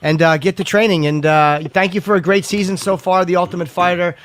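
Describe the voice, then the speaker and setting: Male radio host, chatty, brisk pace, slightly high, dry studio. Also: fairly even intonation, fairly bright tone. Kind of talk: casual radio talk.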